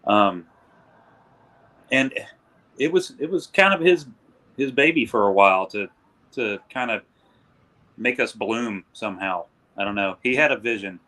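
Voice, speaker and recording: A man's voice: fairly low pitch, animated, unhurried, long pauses, bright, forceful tone. A man from a band remembering their producer, speaking thoughtfully with some hesitation. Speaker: band member, guest. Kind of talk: casual chat.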